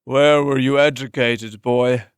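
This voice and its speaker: A man's voice: medium pitch, steady tone, slow, clean tone, no room sound, clean studio sound, natural voice. A man doing a phlegmy old slave master. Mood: dismissive. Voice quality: phlegmy, throaty. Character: cruel old male slave master, wheezing.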